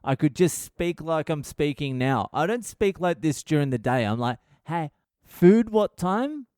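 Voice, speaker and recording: A man's voice: fairly high pitch, animated, normal speed, a little mellow, clear, resonant tone, no echo, studio quality. Profane Australian man telling stories. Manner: profane, blunt, rambling. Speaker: podcast host. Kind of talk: casual storytelling monologue.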